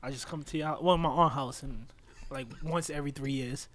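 A young man with a notably high voice trades loud, teasing jabs with his friends on a casual podcast. He laughs often and presses his point. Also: steady tone, fairly quick. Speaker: podcast co-host. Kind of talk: casual chat.

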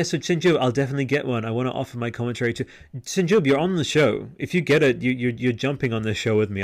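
A man hosting a podcast livestream, chatting casually and rambling with lots of fillers and restarts. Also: mid-range voice. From Australia. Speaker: podcast host. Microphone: headset microphone.

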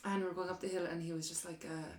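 A woman's voice: on the low side, flat delivery, rapid-fire. A young woman in casual chat, telling her own story and acting out what others said. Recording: echoey room.

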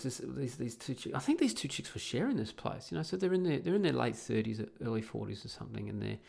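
A man's voice: medium pitch, lively intonation, quick pace, gravelly, hardly any pauses, darkish tone, husky. An Australian man hosting a podcast from home, telling a story in a blunt, crude and rambling way with lots of restarts. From Perth, Australia. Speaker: podcast host. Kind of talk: casual storytelling monologue.

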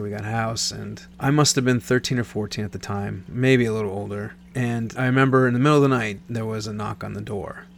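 A man's voice: on the low side, vocal fry, a little hiss or hum. A man in his thirties, from Nebraska, rambling through a casual personal story and often correcting himself mid-sentence. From Nebraska, USA. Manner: rambling, self-correcting, many restarts.

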